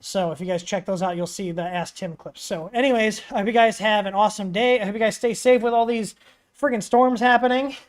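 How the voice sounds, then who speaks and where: A man's voice: high-pitched, a little fast. A man hosting a casual livestream Q&A, rambling with lots of fillers and blunt opinions. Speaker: livestream host answering 3D printing questions.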